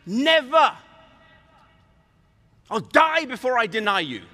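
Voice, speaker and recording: Loud insistent loyal disciple, as a preacher puts him on, high-pitched, bright, echoing hall. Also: male voice, big pitch swings, slow, heavily acted. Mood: boastful. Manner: emphatic, insistent protests. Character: eager boastful male disciple, loudly loyal.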